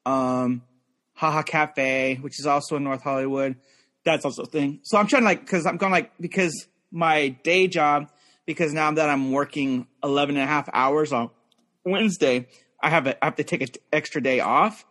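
A man's voice: a little high, normal speed, a bit bright. A young man in casual chat, rambling with lots of fillers and restarts.

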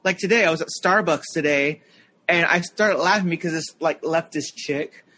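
Man, 30s, casual podcast co-host; high bright voice, rambling storyteller. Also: normal speed. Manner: rambling, lots of fillers, mimics people in anecdotes.

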